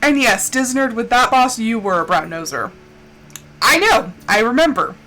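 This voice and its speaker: A young woman streaming a game, telling stories in a casual, animated way and acting out quotes. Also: normal speed, rough recording. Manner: animated storyteller, acts out quotes with big pitch jumps. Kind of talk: casual chat while gaming. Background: faint game music.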